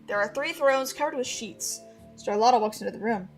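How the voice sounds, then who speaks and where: A woman reading her old fantasy novel aloud on a livestream, animated, with casual asides. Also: fairly high pitch, brisk, soft background music.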